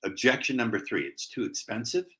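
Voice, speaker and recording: A man's voice: medium pitch, expressive, a little fast, bright, forceful tone, rough recording. A man who is a guest sales trainer, teaching techniques with emphatic, playful stress on key words.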